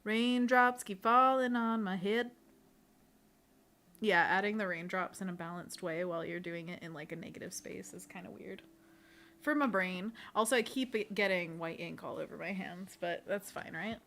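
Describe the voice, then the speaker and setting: A woman's voice: lowish voice, moderate pace, creaky, fairly bright tone. A young woman co-hosting an art livestream, chatting casually while she paints and laughing often. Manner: giggly and playful, laughs often.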